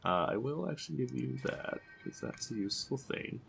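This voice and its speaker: A man's voice: medium pitch, lively intonation, moderate pace, gravelly, a bit bright, slight background noise. A man giving exasperated, swearing let's-play commentary, rambling and restarting his sentences. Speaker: gaming commentator.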